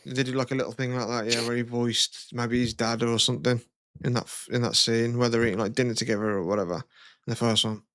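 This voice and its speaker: A man's voice: mid-range voice, flat delivery, fast talker, a bit bright, no echo. A man co-hosting a podcast, rambling loosely in casual chat. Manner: rambling, loose and chatty with many fillers. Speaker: podcast co-host.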